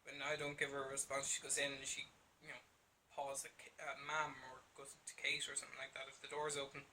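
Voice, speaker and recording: A man's voice: medium pitch, completely flat delivery, a little fast, sharp tone, a little hiss or hum. A man with a Dublin Irish accent, chatting casually to camera at home in a rambling, self-deprecating way. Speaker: vlogger.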